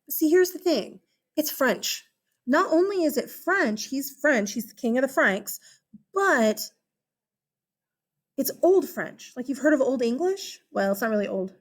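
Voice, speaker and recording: An American woman giving a casual, animated history lesson, chatty and full of asides and check-ins. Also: high-pitched, measured pace. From United States. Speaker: history teacher. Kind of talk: casual classroom-style lecture.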